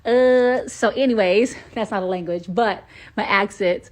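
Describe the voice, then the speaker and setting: A woman's voice: mid-range voice, measured pace, a little mellow. A woman from Atlanta, Georgia, chatting casually and playfully on a live stream from her phone, with lots of filler ums.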